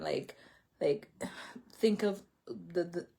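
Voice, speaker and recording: Low, slow, creaky, and husky, her voice carries a personal faith and healing story told to a camera from an indoor seat. The vlogger's casual testimony rambles, with plenty of filler words and self-corrections.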